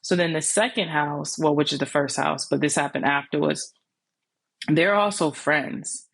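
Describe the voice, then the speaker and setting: A woman podcast host telling a personal story, animated, acting out the conversations she quotes. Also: deep voice, moderate pace, creaky, no echo. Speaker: landlord and life coach. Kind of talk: storytelling monologue.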